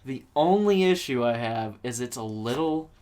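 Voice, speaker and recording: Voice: mid-range voice, animated, normal speed, a little mellow. Casual podcast co-host, loose rambling movie talk. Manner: rambling, many likes and ums.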